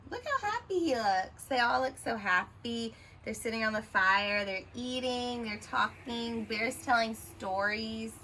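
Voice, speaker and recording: A woman's voice: a little high, lively intonation, unhurried, hardly any pauses, bright, forceful tone, a little hiss or hum, rough recording. A woman teacher reading a children's picture book aloud, expressively, and stopping to ask the listener questions.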